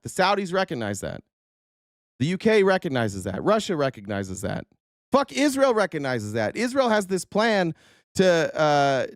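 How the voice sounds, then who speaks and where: A man hosting a political livestream, full of sarcasm and swearing as he rants and reads out viewer comments. His voice is smooth and resonant, a little worn, with a dry, close sound and no room echo. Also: fairly high pitch. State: voice a bit worn. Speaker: livestream host. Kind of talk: casual political livestream rant.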